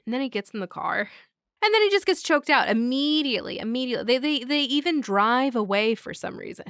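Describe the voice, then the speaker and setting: Woman podcast host, casual and excitable, swears a lot; clear voice, dry close mic. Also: mid-range voice, fairly quick, dry recording. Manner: excitable, swears often, laughs a lot, acts out scenes. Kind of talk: casual movie recap.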